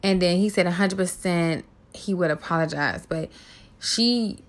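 A woman's voice: fairly low pitch, measured pace. Woman, gossip host, casual commentary, candid, swears a lot, laughs often.

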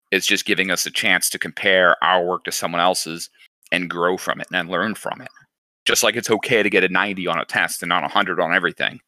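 A man's voice: deep voice, sharp tone, no echo. A man hosting a casual chat, talking in a reflective, encouraging way. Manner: reflective, encouraging, thinks aloud.

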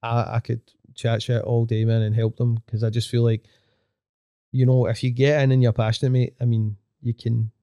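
Male DJ guest, young, mellow, dry close sound, rambles fast and swears freely. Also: medium pitch, flat delivery, smooth, no echo. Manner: fast rambling talk, swearing, full of fillers. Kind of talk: casual chat.

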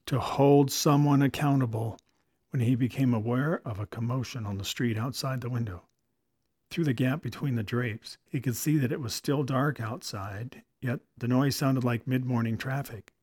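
A man reading a novel aloud in steady, measured audiobook narration. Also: medium pitch, no room sound, studio quality.

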